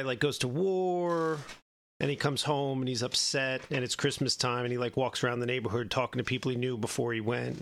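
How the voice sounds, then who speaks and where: This man's mid-range voice is creaky and a bit bright as he rambles through a long tale on the podcast he co-hosts. "Right?" pops up again and again.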